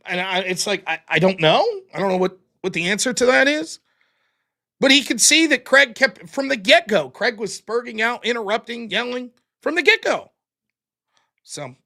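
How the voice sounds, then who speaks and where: A man's voice: high-pitched, bright, forceful tone. A man hosting a livestream, reading out donor names and amounts and answering them with dry quips. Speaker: streamer host reading donations. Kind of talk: casual livestream chat.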